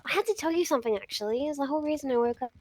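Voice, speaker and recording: A woman in an online role-play trades cranky, teasing banter. Her voice sits high. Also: very fast. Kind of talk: casual in-character role-play chat.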